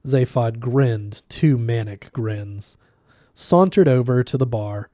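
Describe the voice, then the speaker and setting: A man reading a novel aloud with measured, expressive narration. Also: mid-range voice, no echo, studio quality. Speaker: reader.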